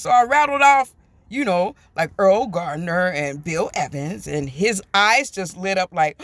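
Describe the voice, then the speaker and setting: Bright-voiced woman telling a story. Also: medium pitch, a little slow, no room sound. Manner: chatty, animated, acts out quoted people. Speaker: vlogger. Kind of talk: casual storytime.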